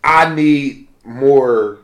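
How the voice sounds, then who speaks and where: A man's voice: medium pitch, very slow. A man in casual banter, insistently defending his point with plenty of swearing. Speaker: sports fan. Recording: echoey room.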